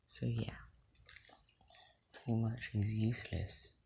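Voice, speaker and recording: A fan storyteller at home at night, talking low in a near whisper, rambling with many fillers. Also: level tone, takes it slowly, gravelly, darkish tone, slight background noise. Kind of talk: casual fan-fiction storytelling.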